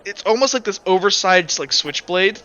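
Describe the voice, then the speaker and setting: A man's voice: sits high, animated, normal speed, pushed and bright, dull audio. A man narrating a tabletop game as game master, in a casual way with many fillers.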